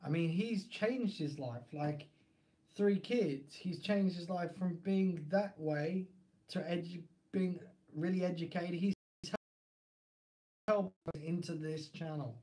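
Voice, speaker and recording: Man, Essex accent, casual live stream chat, rambling, mellow dark tone. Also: high voice, slow pace. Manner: rambling, chatty, laughs often.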